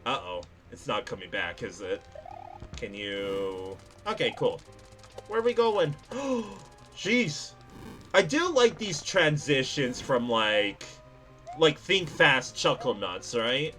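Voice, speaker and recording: A man's voice: mid-range voice, takes it slowly. A young man talks his chat through a game as he plays, his voice swooping up and down and bursting into laughs and yelps. He takes his time between thoughts, with faint game music playing under him. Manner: excitable, laughs and yelps often. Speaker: gaming streamer. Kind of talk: live gameplay commentary.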